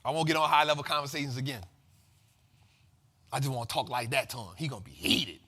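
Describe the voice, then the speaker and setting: A man hosting a finance show, giving energetic market commentary in a slangy, emphatic way and repeating lines for effect. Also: medium pitch, fast, husky.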